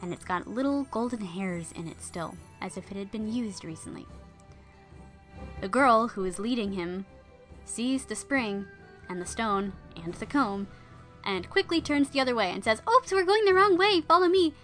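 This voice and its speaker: A woman casually retelling an old legend in a bright, clear voice. She is chatty and drops in wry asides, and faint music plays behind her. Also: mid-range voice, lively intonation, moderate pace. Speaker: storyteller.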